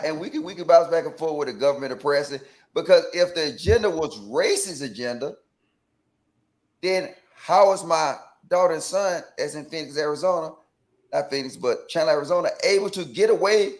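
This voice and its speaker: Atlanta guy on a call-in show, keeps asking "right?", stumbles and restarts when he gets going. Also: a little high. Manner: animated, asks pointed questions, repeats "right?"; stammers and restarts. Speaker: co-host. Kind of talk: call-in talk show debate.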